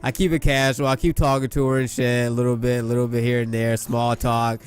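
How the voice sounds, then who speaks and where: A man's voice: mid-range voice, flat delivery, fairly quick, soft background music. A young man, a gaming YouTuber, telling a boastful, profane, rambling story in casual talk into a desk mic. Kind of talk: casual storytelling over gameplay.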